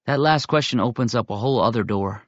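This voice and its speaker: A man's voice: medium pitch, fast talker, dry recording, muffled recording. Man reading an audiobook steadily. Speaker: audiobook narrator. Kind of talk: first-person audiobook narration.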